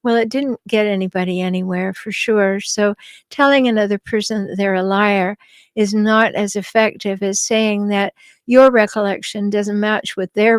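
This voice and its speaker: A middle-aged woman hosting a podcast, calmly answering listener questions with advice and the odd light laugh. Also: medium pitch, smooth, dry recording. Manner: calm, advising, light laughs, some restarts. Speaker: podcast host and relationship advisor.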